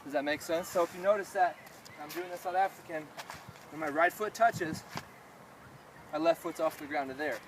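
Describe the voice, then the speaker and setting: A man's voice: fairly high pitch, moderate pace, long pauses. A man coaching a group in discus throwing outdoors, explaining each step patiently and often asking if it makes sense. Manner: patient, step-by-step, checks understanding. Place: outdoor athletic field. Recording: distant voice in loud outdoor noise.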